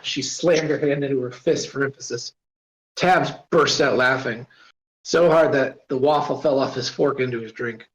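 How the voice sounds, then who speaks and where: Reading a story he wrote, this man keeps it casual and breaks off now and then to add asides or apologize. He has a medium pitch and normal speed, and the voice-chat mic gives a dull, roomy sound.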